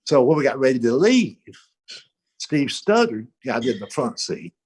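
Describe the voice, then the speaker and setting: An older man tells a story with a husky, breathy voice, and his pitch swings widely as he goes. He acts out the people in it, on a video call. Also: big pitch swings, unhurried, a little mellow. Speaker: comedy panel guest. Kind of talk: casual anecdote.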